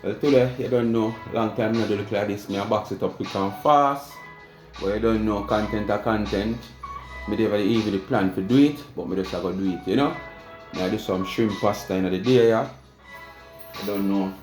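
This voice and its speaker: A man's voice: fairly low pitch, normal speed. A man with a Jamaican accent chatting casually to his viewers while he cooks in his home kitchen. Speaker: cooking vlogger. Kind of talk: casual cooking talk. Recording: echoey kitchen with music behind.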